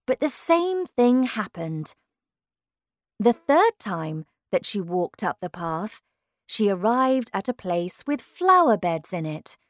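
Slow, expressive woman reading a storybook. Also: mid-range voice, no room sound, clean studio sound. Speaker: narrator. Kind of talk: storybook narration.

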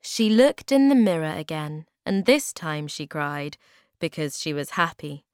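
A woman narrating a graded reader story in a clear, careful storytelling manner. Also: low-pitched, sing-song, measured pace, dry recording, studio quality.

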